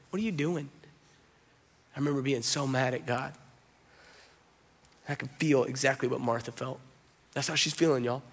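A man's voice: on the high side, creaky, husky. Emphatic preacher man. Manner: conversational, emphatic, shifts into acted quotes. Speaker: pastor. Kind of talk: sermon.

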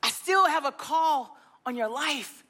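A gentle, tender God figure whose voice drops low and hushed, sometimes sinking to a whisper, as a woman preacher puts him on. He speaks softly and reassuringly, set well below the speaker's usual high voice. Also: lively intonation, unhurried, full character voice. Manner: soothing, reassuring.

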